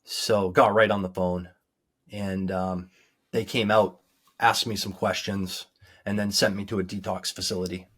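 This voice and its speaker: An American man appears as an interview guest, recounting a near-death experience as earnest personal testimony. His lowish voice is flat and a bit bright, and he speaks sincerely and reflectively, halting often with ums as he searches for words.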